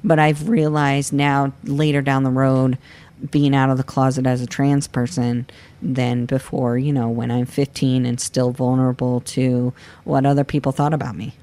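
A man in his thirties from Florida, telling his own story in an interview with a candid, halting manner. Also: medium pitch, little pitch movement, darkish tone, smooth. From Florida, United States. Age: 30s. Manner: candid, halting, with many restarts and fillers. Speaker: guest. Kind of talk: personal interview.

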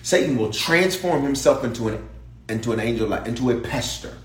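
A man preaching a sermon to a congregation, calling out to the crowd and repeating key lines, dropping to a hush and then rising to a shout. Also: medium pitch, animated, brisk, reverberant. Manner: call-and-response preaching, repeating lines, shifting from hushed to shouted. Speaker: bishop preaching. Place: church sanctuary.

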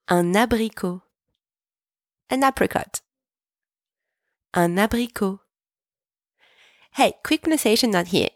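A woman teaching a podcast French lesson, pronouncing each word slowly and clearly so listeners can repeat after her. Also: medium pitch, no room sound, clean studio sound. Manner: clear, slow, deliberate pronunciation for repeating. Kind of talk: podcast language lesson with repetition drills.

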